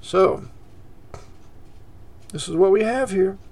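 A man with a husky voice preaches slowly in a fiery, ranting monologue aimed at his listeners, frequently shouting and then sinking into low, quiet asides.

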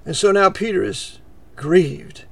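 A man preaching a sermon, reading scripture aloud and paraphrasing it in casual speech, swinging from emphatic peaks to hushed asides. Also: high voice, slow pace, creaky. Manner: rises to emphatic peaks, drops to near-whisper asides; reads scripture in old English, then paraphrases conversationally. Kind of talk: expository sermon.

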